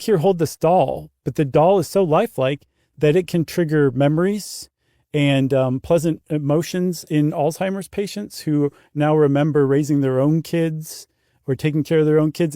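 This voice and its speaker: Podcast co-host, male, mellow slightly higher voice, chatty and easygoing, close dry mic. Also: no room sound. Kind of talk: casual chat.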